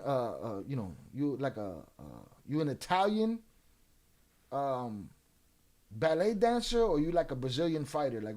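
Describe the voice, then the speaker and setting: A man with a mid-range, somewhat mellow voice hosts a livestream and talks with his viewers. He goes after trolls in the chat with drawling, streetwise taunts and trash talk.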